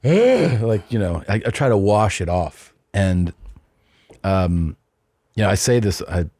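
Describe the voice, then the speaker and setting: A man's voice: low-pitched, mellow, dry recording. A middle-aged man hosting a podcast, telling a long rambling anecdote in casual chat, often restarting and adding asides. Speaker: podcast host.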